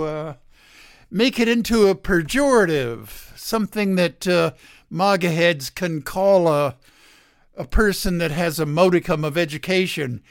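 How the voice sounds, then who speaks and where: A radio show host giving a casual opinion monologue from home, halting with many filler pauses. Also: mid-range voice, clean tone, no room sound, studio quality.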